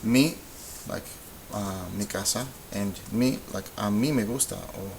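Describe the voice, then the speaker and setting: A man with a low voice talks through a recorded grammar lesson. He explains in a relaxed way, filling pauses with ums and uhs. A faint hiss runs under the recording. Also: gravelly, rough recording. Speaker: Spanish teacher.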